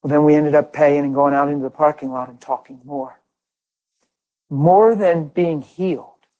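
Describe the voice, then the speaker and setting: Man, middle-aged, from Pennsylvania, preacher, conversational sermon, emphatic, rhetorical questions, slightly high-pitched. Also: flat delivery, fast, darkish tone, clear, resonant tone, lo-fi sound. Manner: emphatic, asks rhetorical questions and answers them.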